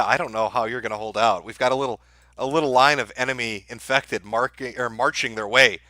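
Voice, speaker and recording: A man's voice: mid-range voice, no room sound. Crude, mocking male live-stream host. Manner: crude, mocking, deadpan asides to chat. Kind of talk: sardonic live-stream commentary.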